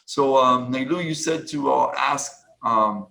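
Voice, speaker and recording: A man's voice: mid-range voice, unhurried, vocal fry, bright, forceful tone, a little hiss or hum. A man coach hosting an online meetup, rambling and hesitant with many ums, on a video call. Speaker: agile coach and meetup host. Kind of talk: casual group chat.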